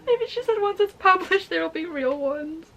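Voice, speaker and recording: A young woman vlogging casually, excitable and swearing, teary and emotional as she unboxes a gift. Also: very high voice, a little fast, a little hiss or hum. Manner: excitable, gushing, swearing, with breathy laughs. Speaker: vlogger and writer. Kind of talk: casual vlog chat.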